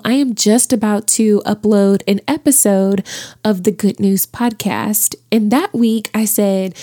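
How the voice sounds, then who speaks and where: A woman podcast host telling a personal story in a lively, chatty way, talking straight to her listeners. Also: on the high side.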